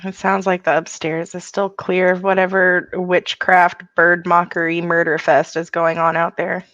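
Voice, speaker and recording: A woman's voice: fairly low pitch, level tone, normal speed, a bit bright, no room sound. A woman at a tabletop game, dry and a bit exasperated with her friends. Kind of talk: casual game table chat. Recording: dull lo-fi mic.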